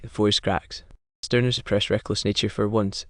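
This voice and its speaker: A male recap narrator tells a dramatic story in clipped, terse fragments and reads every character's lines in his own voice. His voice sits a little low and stays flat and even in pitch. The recording is dry and close, with no room sound. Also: moderate pace, hardly any pauses, no echo.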